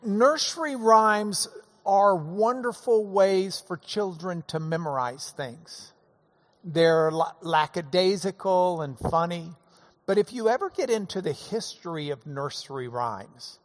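A man talks in a folksy, easygoing monologue, chuckling as he tells his stories. His voice sits somewhat high for a man, and a long reverb trails after his words as if he were in a hall. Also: lively intonation, slow. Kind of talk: casual monologue.

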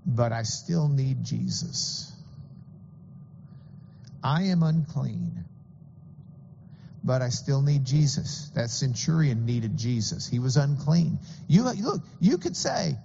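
Male pastor preaching earnestly, lively higher voice, dull hall recording with faint hum. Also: takes it slowly, creaky, pauses often. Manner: earnest, explanatory, some stammering restarts. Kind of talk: sermon.

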